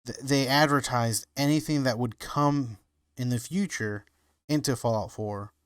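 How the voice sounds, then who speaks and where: Male podcast co-host, unhurried, smooth clear voice, halting delivery, dry sound. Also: mid-range voice, no room sound. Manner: hesitant, searching for words with many fillers. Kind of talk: casual chat.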